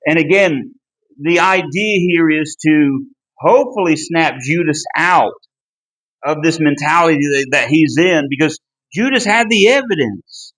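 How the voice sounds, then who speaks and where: A man teaching a Bible class, earnest and emphatic, with a deliberate delivery and small restarts. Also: fairly high pitch, fairly bright tone, low-quality recording. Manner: earnest and emphatic, pleading in tone when driving a point home. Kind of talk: Bible study lesson.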